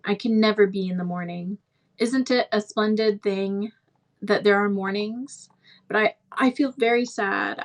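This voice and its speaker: A woman's voice: mid-range voice, natural voice. A woman reading as a chatty, dreamy orphan girl. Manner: gushing, talkative.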